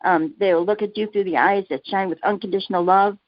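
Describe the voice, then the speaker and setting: A woman's voice: mid-range voice, steady tone, fast, no echo. Woman author guest, sincere, tells her own little stories, muffled dry sound. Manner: earnest, laughs easily, tells personal anecdotes. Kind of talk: casual interview answers.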